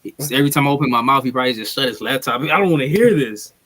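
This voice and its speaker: A man's voice: medium pitch, expressive, very fast, a bit bright, no echo. A man co-hosting a wrestling podcast, joking and self-deprecating in casual banter. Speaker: podcast co-host.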